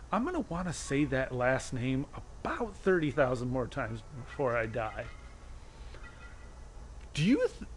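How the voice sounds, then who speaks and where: A man's voice: mid-range voice, slight background noise. A man streaming a game from his desk at home, rambling playfully and laughing often. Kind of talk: casual let's-play commentary. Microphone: desk mic on a stand.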